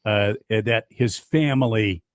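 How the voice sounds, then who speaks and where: A man co-hosting sports radio, mostly brief agreements, halting with many fillers when he talks longer. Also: on the low side, no room sound, studio quality. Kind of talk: casual sports radio banter.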